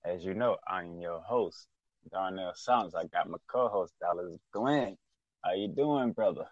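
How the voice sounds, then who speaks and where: A man hosts a sports talk podcast, emphatic and announcer-like. His voice sits a little low, and the recording is dry and dull, lo-fi. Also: moderate pace, no echo. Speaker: podcast host. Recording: dull lo-fi sound.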